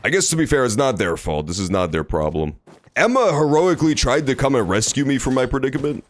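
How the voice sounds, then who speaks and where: A man's voice: big pitch swings, fast. A man streaming a game, chatting casually and joking with plenty of swearing. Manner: joking, profane, jumps between high and low pitch. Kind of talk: casual gameplay commentary.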